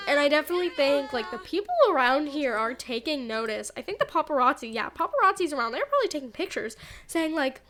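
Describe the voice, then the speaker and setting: High-voiced excitable young woman gamer. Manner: chatty, animated, lots of "like" and "oh my gosh". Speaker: gaming YouTuber. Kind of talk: excited let's play commentary.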